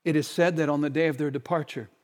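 A man preaching a sermon, shifting between fervent, shouted appeals and quiet, hushed stretches. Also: a little high, steady tone, quick pace. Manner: impassioned, swings from shouting to hushed.

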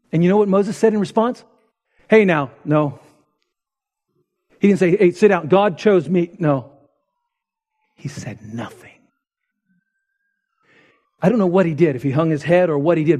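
A man preaching a sermon as pastor, retelling stories dramatically and dropping to hushed intensity. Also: on the high side.

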